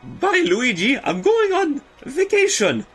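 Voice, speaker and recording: A man voicing an excited young plumber shouting goodbye in a very high voice. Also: slow pace, faint music behind, heavily acted. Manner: squeaky shouted put-on voice. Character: excited young plumber hero leaving on vacation.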